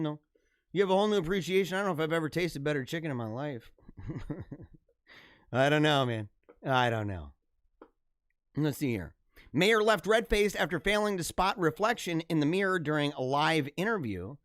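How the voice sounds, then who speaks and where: A man in his thirties hosts a live stream from his computer, talking in a loose, rambling way and laughing a lot. His voice sits a little high. The sound is dry and close, with no room around it. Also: a little fast, no room sound. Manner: rambling, energetic, laughs often. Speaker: livestream host. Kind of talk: casual live-stream chat.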